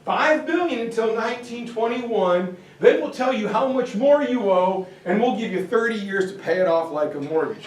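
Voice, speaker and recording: A male history teacher giving a jokey, animated lecture. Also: sits high, normal speed, hardly any pauses. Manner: animated, joking, slips into comic voices. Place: classroom or hall. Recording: echoey room, far from mic, faint hiss.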